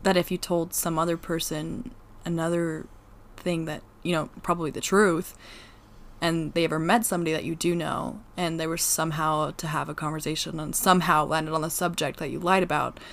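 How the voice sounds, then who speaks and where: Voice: mid-range voice, level tone, brisk, fairly bright tone. A podcast co-host in casual chat, teasing and playful, saying "like" often.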